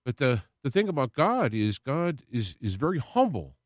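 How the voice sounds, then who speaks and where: A man's voice: medium pitch, very animated, moderate pace, no echo. Male solo radio host, heartfelt and rambling, with emotional swells; dry close sound. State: close to tears at moments. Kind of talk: personal faith talk monologue.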